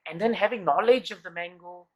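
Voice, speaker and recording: A man's voice: sits high, fairly quick, low-quality recording. A man giving a scripture class, asking rhetorical questions and repeating key words for emphasis, and telling a story with uneven pace and phrases that trail off. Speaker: devotional class teacher.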